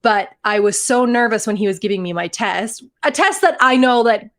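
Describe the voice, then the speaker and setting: A woman in her thirties from Canada, co-hosting a podcast and telling stories in a casual, animated way with frequent laughs. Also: on the high side, moderate pace. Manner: animated storytelling, laughs often. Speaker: podcast co-host. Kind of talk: casual chat.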